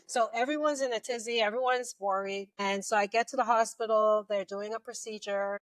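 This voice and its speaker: A woman's voice: a little high, fairly quick, hardly any pauses, dry recording. A middle-aged woman, a police officer, telling her story in an interview and acting out the voices of the people in it. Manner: animated retelling, acting out quoted voices.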